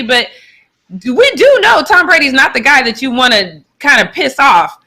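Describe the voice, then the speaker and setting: Bright-voiced woman hosting sports talk. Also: sits high, moderate pace. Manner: animated, laughs often, playful teasing. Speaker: co-host of a sports talk show.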